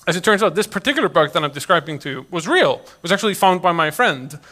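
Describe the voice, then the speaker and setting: A man's voice: on the high side, fast talker. A man from Iceland, giving a personal storytelling talk to an audience and acting out the voices of people he quotes. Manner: animated, acts out quoted voices. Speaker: public speaker.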